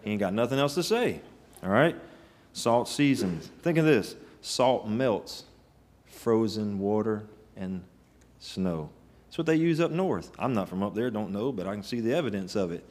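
A man's voice: fairly low pitch, lively intonation, normal speed, darkish tone. A man preaching a sermon, telling stories in a folksy, emphatic way with rising bursts. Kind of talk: sermon with storytelling.

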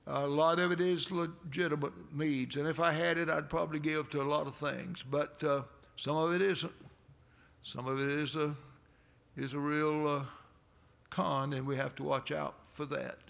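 A man's voice: fairly high pitch, flat delivery, moderate pace, vocal fry, fairly bright tone. A man preaching a folksy sermon in a church, rambling into conversational asides with a chuckle now and then. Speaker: pastor. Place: church sanctuary.

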